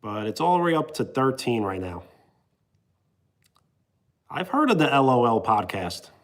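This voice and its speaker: A man's voice: mid-range voice, big pitch swings, a little slow. A man chatting casually as a livestream host, answering chat in a laid-back way with frequent chuckles.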